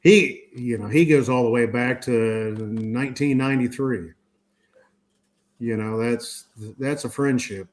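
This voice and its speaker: A man's voice: mid-range voice, unhurried. A man in his fifties hosting a casual group podcast chat. He tells a personal story in a rambling way, with many restarts, fillers and casual swearing. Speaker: podcast host.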